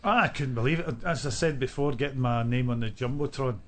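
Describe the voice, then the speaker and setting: A man's voice: medium pitch, brisk. A man, a musician guest on a radio show, telling an anecdote in casual chat.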